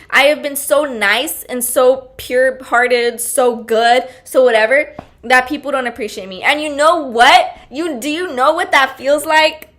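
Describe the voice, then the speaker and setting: Her voice is a little high and fairly bright, and this young woman hosts a podcast in a casual, bubbly manner. She talks frankly and with energy, using lots of fillers and breaking into frequent laughter.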